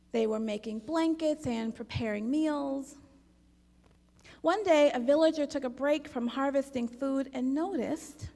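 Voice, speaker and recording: A woman leading a congregation service, telling a parable in an unhurried, gentle storytelling manner. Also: high voice, creaky. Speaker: worship leader. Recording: long hall reverb.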